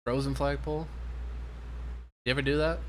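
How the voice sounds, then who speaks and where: A man's voice: medium pitch, steady tone, normal speed, darkish tone, a little hiss or hum. A young man from Maine giving a sarcastic, casual review of a TV episode over its footage. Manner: sarcastic, mocking. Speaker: TV show reviewer.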